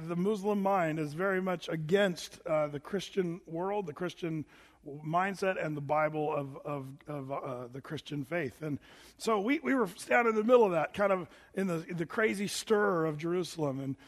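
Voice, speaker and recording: A man's voice: sits high, big-room sound. A man preaching a sermon in a chatty, rambling way, full of fillers and restarts. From United States. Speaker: pastor.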